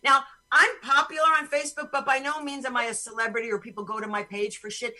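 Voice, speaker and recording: A woman hosts a podcast over a video call and rants in a blunt, profane way. Her voice is bright and set a little high. She talks as casual chat with friends. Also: flat delivery, fast talker, rough recording. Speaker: podcast host.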